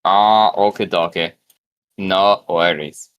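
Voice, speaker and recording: A man's voice: deep voice, fairly even intonation, slow pace, fairly bright tone, clear, resonant tone. A man narrating and ruling as game master of a tabletop game, loose and chatty with fillers.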